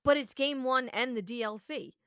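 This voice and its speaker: A woman's voice: high voice, moderate pace, a bit bright, no room sound, studio quality. Passionate, swearing woman podcast co-host. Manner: passionate, emphatic, swears freely. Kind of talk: casual review chat.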